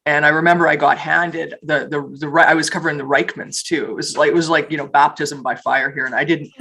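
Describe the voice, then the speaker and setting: A woman on a panel, telling lively stories from her reporting career, with frequent restarts. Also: sits low, a little fast, vocal fry, breathy edge, low-quality recording. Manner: animated storytelling with restarts and laughs. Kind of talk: panel discussion, personal anecdotes.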